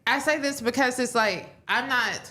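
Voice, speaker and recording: Female podcast co-host, frank and expressive, argues back in a casual debate. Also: fairly high pitch, moderate pace.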